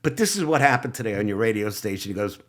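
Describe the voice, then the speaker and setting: An older man, a guest writer and producer, telling animated stories in a relaxed interview, quoting people and laughing between lines. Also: fairly low pitch, fast talker. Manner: animated anecdotes with laughs and quoted asides. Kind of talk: relaxed storytelling in conversation.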